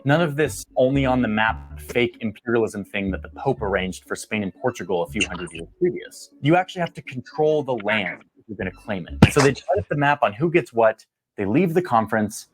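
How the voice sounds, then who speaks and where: A man narrates a history explainer in an easy, conversational tone at a middling pitch. He mixes wry, slangy asides with dramatic pauses. Music plays clearly behind him. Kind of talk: casual scripted explainer narration. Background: background music.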